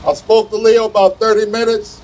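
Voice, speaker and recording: A man's voice: sits high, level tone, brisk, darkish tone, a little hiss or hum, low-quality recording. A man who is a union vice president speaks outdoors at a rally, folksy and confident and fond of anecdotes. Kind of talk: rally speech.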